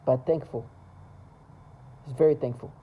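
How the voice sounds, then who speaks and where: A man's voice: medium pitch, steady tone, a little slow, dark tone, poor audio. A man talking to camera in a rambling, agitated monologue, repeating himself and stumbling over restarts.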